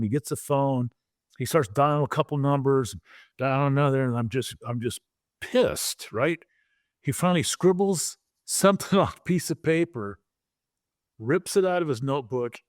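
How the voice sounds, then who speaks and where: A man in his sixties, a former pro football player, telling a story on a podcast in a vivid, animated way and acting out the quoted lines. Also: medium pitch, no echo, clean studio sound.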